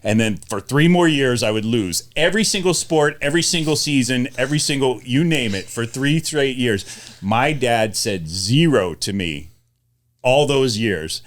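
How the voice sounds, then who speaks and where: A middle-aged man hosting a casual family podcast, telling stories with repeated phrases and quick laughs. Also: mid-range voice, expressive. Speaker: podcast host, father.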